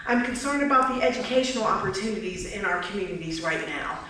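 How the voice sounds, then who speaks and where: A woman's voice: medium pitch, expressive, fast talker, bright, forceful tone. A woman giving a direct campaign speech at a candidate forum, putting questions to the audience. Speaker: political candidate. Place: community hall. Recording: echoey hall, mic from far off, faint noise.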